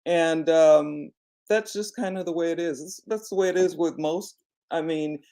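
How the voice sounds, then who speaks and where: Gravelly-voiced woman chatting to viewers. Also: sits low, dark tone. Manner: conversational, frequent "you know" fillers; encouraging, addresses viewers directly. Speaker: online business coach. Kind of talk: casual reflective vlog talk.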